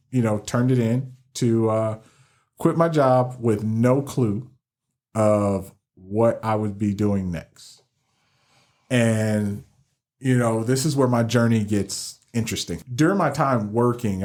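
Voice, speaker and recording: A middle-aged man telling his story as a podcast guest, animated and laughing often, with many restarts. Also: on the low side. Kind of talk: casual storytelling interview.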